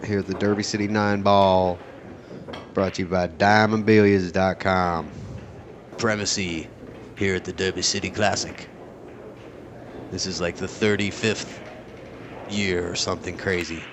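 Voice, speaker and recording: A man commentating a pool match in a casual play-by-play style, excitable and joking, wandering into rambling asides. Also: deep voice, a little slow, creaky, long pauses, noisy background. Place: at a pool tournament venue.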